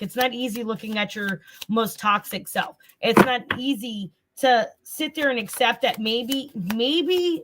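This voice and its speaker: A woman's voice: fairly high pitch, background noise. A woman with a Southern US accent, hosting a casual tarot reading stream and chatting straight to her viewers, repeating herself as she goes. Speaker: tarot reader and channel host.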